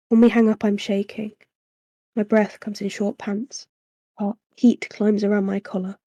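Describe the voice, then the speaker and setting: A young woman reading a novel aloud on a livestream into a desk microphone at home, in a soft, unhurried narration with chatty asides. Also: mid-range voice, little pitch movement, dry recording, studio quality. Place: small room at home.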